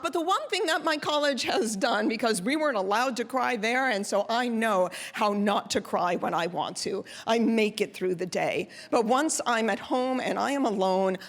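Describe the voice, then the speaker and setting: A woman telling a personal story on stage in a lively, chatty, expressive way. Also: medium pitch.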